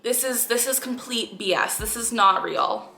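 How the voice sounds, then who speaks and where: A woman's voice: on the high side, moderate pace, creaky, bright, forceful tone. A young woman giving earnest, frustrated reaction commentary with sighing groans. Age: young adult. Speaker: YouTuber reacting to a clip. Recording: echoey room with faint music.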